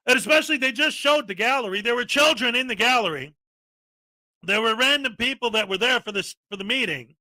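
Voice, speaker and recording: A man hosts a ranting commentary show, his voice high and sharp as he mocks and shouts at the people he watches. The sound is dry and close to the mic. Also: no echo. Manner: sarcastic, mocking, shouts often and acts out mock voices. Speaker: commentary channel host.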